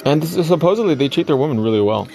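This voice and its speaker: A man's voice: a little high, expressive, rapid-fire, dark tone. Chatty man talking with music behind. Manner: chatty, enthusiastic, heavy use of "like". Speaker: livestream co-host. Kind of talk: casual chat on a livestream. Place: Guam.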